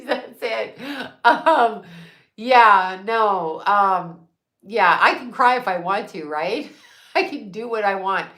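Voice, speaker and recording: A woman's voice: medium pitch, slow pace, pushed and bright, roomy sound. A middle-aged woman, a psychic medium, chatting casually and bluntly, swearing freely and laughing often. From United States. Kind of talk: casual livestream chat.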